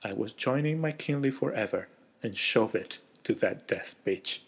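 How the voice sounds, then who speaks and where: A man narrating a first-person story in a quiet, heartfelt way. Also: on the low side, animated, moderate pace, slightly rough.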